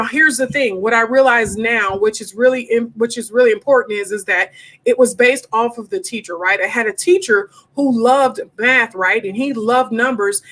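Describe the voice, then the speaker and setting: A woman's voice: a little high, fairly bright tone. Frank, chatty woman hosting a live stream. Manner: frank, chatty, addresses viewers as y'all. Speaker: homeschool livestream host. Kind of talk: casual live Q&A chat. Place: home desk during livestream.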